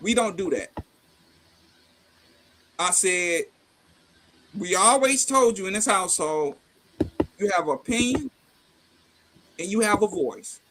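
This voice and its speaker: A middle-aged man chatting casually, telling a family story with lively acted-out dialogue and salty slang. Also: high voice, takes it slowly, pauses often, slight background noise. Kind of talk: casual chat.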